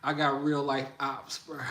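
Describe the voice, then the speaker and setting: In a loose livestream chat with viewers, a man from the American Midwest laughs a lot and speaks in slang. His voice is medium in pitch and fairly bright in tone.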